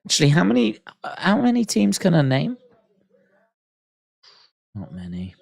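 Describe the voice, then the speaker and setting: A British man hosting a casual live stream in a slightly raised register. He muses aloud at an unhurried pace, reads viewer comments and pokes fun at himself. The voice is smooth and clear, recorded dry and close. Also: high voice, huge pitch swings, dry recording. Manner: musing aloud, reading viewer comments, self-deprecating. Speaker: livestream watch-along host.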